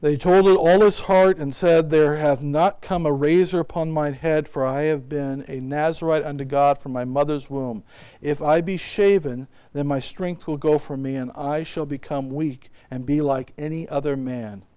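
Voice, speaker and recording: A pastor preaching a sermon in church, retelling a story with lively acted-out quotes. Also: male voice, on the high side, moderate pace, clean tone. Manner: animated storytelling, acting out quotes.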